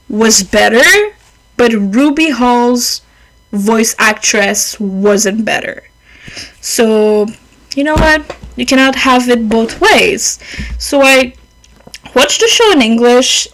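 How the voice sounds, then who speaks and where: A woman's voice: on the high side, fairly bright tone, poor audio. A young woman hosting a podcast in casual, rambling chat, with a mother tongue and easy swearing. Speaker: podcast host.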